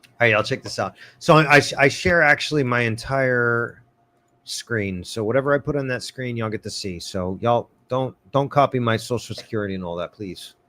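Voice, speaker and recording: Man, mid-pitched, casual pun-happy livestream host giving tree advice. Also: moderate pace, bright, forceful tone. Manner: joking, punny, laughs often. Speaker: arborist hosting a live Q&A.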